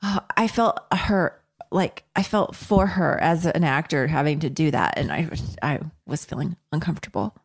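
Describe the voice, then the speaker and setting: A woman's voice: deep voice, moderate pace. A woman co-hosting a casual podcast, giggly and self-deprecating as she chats. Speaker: podcast co-host. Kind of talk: casual chat.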